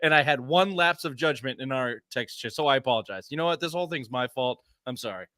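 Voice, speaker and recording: A man's voice: mid-range voice, quick pace, pushed and bright, no room sound, clean studio sound. A man hosting a casual sports podcast, teasing his co-hosts with mock sincerity. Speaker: podcast host.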